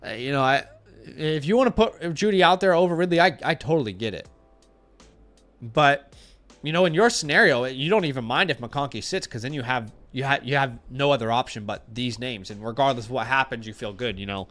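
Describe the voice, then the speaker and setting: On a casual live stream, a fantasy football host with a runny nose answers viewer questions in a mid-range, fairly bright voice at a slightly fast clip. His opinions are blunt, and he thinks out loud, full of fillers and restarts.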